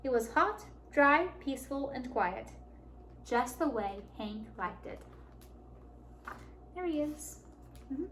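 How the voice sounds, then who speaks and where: A woman reading a picture book aloud to children at a library storytime, warm and animated. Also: high voice, slow pace, long pauses, a little hiss or hum. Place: public library.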